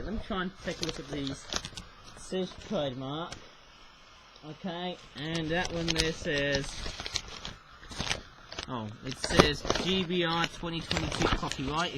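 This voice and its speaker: On his own channel, a man with a voice on the high side rambles through a casual toy review, forever adding "though, eh?" to what he says. The webcam recording has a noisy background.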